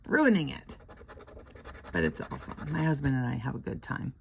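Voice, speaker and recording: Gravelly low-voiced older woman chatting. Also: very animated, fast talker, a little mellow, a little hiss or hum. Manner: chatty and rambling, laughs often, murmurs letters half under her breath. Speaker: scratch-off lottery vlogger. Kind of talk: casual chat while scratching tickets.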